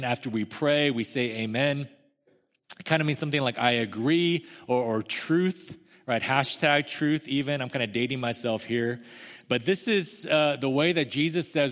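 A man's voice: mid-range voice, a bit bright. Sermon voice, a man preaching conversationally in a church with a long echo. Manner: conversational preaching, emphatic, with asides to the congregation. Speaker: pastor. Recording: long hall reverb.

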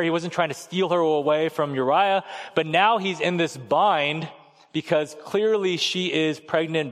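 A man in his thirties delivers a sermon in an easy, conversational manner, slipping into the voices of the people in his story. His voice sits a little high for a man. The room behind him rings with a long reverb, as in a large church hall. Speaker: pastor.

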